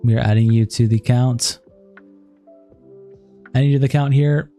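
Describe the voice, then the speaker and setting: A man's voice: mid-range voice, steady tone, moderate pace, warm tone. A man hosting a live stream, reading messages aloud and thanking donors. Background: faint background music.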